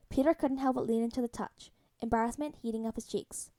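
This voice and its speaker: Soft-voiced woman reading a story. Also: on the high side, steady tone, fast talker. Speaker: podfic reader. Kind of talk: audiobook-style fan fiction reading.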